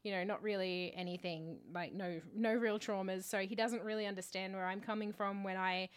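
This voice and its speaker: A woman's voice: mid-range voice, steady tone, brisk, clean tone. A woman co-hosting a podcast in casual chat, talking candidly and rambling, swearing freely. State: out of breath. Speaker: podcast co-host.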